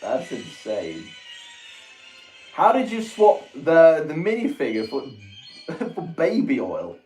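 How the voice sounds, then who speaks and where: Excitable guy on a livestream reacting to chat pics, kinda high voice, laughs a lot. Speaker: livestream host. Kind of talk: casual livestream chat, reading viewer messages. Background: faint music.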